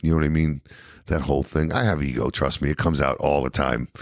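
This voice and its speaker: A man with a New York accent telling his recovery story as a podcast guest, animated and peppered with "you know what I mean". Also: a bass voice, brisk, gravelly, dry recording, studio quality.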